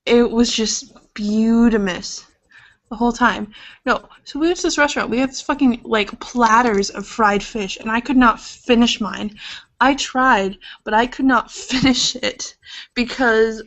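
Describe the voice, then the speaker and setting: A young Iowa woman co-hosts a podcast, chatting and rambling casually with some swearing. Her voice is fairly bright, on the high side, and unhurried, captured on dull lo-fi webcam audio.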